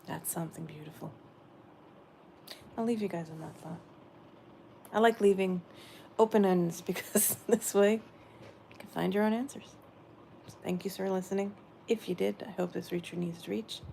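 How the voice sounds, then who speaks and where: A woman giving a gentle, meandering spiritual message she says she is channeling, often repeating her phrases. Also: mid-range voice, normal speed, gravelly, a little hiss or hum.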